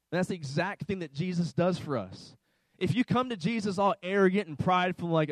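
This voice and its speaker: A pastor preaches emphatically, driving home each point by saying it twice. His voice sits high for a man. The sound is dry and close. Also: a little fast, no echo, low-quality recording. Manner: emphatic preaching, repeats key lines. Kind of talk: sermon. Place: church service with slides.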